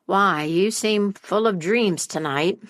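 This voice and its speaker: A woman's voice: medium pitch, a bit bright. A woman voicing a grumpy, sleepy male dragon who drags out his threats. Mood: irritated, surly. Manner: surly, drawn-out threats.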